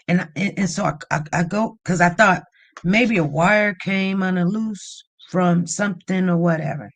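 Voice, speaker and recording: A woman hosting a livestream, telling a story in a lively, animated way and rising to near-shouts when upset. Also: on the low side, normal speed. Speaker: livestream host.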